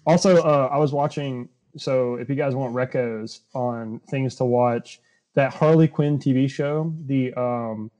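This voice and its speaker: Mellow young man in animated chat. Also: mid-range voice, unhurried. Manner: animated, puts on silly voices when retelling scenes. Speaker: podcast co-host. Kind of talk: casual chat.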